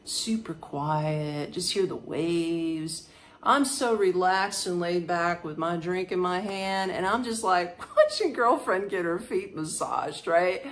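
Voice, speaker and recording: A woman hosting a podcast, telling a personal story in a casual, animated way, laughing often and imitating sounds. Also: on the low side, takes it slowly, a little hiss or hum. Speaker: podcast host.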